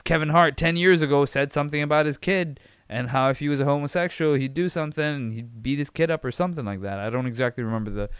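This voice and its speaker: Young guy rambling on his solo podcast, smooth voice, super dry sound, swears a lot. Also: medium pitch, no room sound. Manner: rambling, frank, swears freely, many fillers. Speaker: podcast host. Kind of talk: casual solo commentary.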